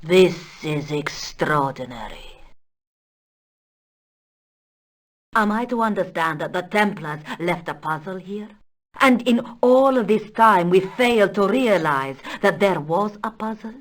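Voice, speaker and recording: An actress voicing a proud, dramatic aging countess with a Spanish accent in a video game, talking in a stately, theatrical way. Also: female voice, medium pitch, animated, natural voice. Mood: excited. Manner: stately, slow and theatrical, bursts into shouts.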